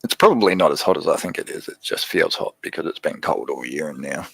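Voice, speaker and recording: Low-voiced Australian man chatting live. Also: fast, gravelly, slightly rough, no room sound, poor audio. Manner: relaxed, chatty, reads and answers viewer comments. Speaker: livestream host. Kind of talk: casual livestream chat with viewers.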